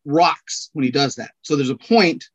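A man's voice: a little high, moderate pace, dull audio. A man chatting as a podcast guest, rambling and joking, laughing at himself. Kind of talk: casual chat.

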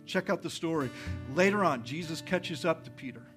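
A man, a pastor, preaching a conversational, energetic sermon in a church, repeating his phrases for effect. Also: fairly high pitch, normal speed. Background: soft guitar music.

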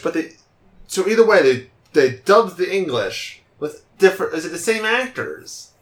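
A podcast co-host chatting casually about a film, jokey and quick to chime in. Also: mid-range voice. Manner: jokey, animated, interjects often. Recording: roomy, echoey sound.

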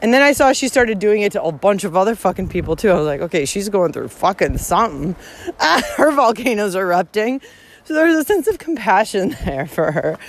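A woman's voice: mid-range voice, sing-song, fairly quick, slight background noise. A woman records herself outdoors on a hiking trail. She talks bluntly and swears heavily, with frequent laughs in a casual rant. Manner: profane, blunt, laughs often. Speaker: hiking vlogger. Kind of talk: casual rant while walking.

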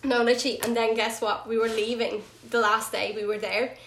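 A woman telling a story in a casual chat, animated, full of "like" and "right?", laughing often. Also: fairly high pitch, brisk, a little hiss or hum. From Ireland. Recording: roomy echo.

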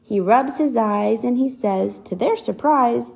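A woman reading a picture book aloud to a child, pausing to ask questions about the pictures. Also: on the high side, creaky. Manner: animated, asks the child questions. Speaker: reader to a child.

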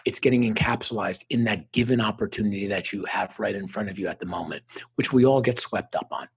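A middle-aged man speaking as an interview guest, earnest and reflective, telling personal stories and lively when quoting others. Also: fairly low pitch, fast talker, husky. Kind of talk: conversational interview storytelling.

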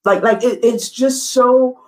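A woman as an interview guest, telling a candid personal story in an earnest, emphatic way, her voice rising high when she gets excited. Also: a little slow, low-quality recording.

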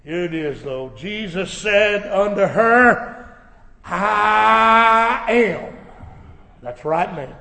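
A man preaching a sermon, swelling into shouted emphasis, recorded in a church sanctuary. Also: high-pitched, animated, takes it slowly. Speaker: pastor. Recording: echoey church hall.

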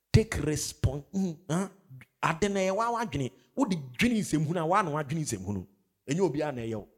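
A man's voice: fairly high pitch, very animated, fast. A man preaching a sermon, emphatic, with call-and-response questions. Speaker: pastor.

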